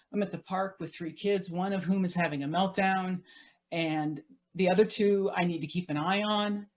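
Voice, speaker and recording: A middle-aged woman telling a personal story in a lively, self-mocking way, laughing now and then as she talks. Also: lowish voice.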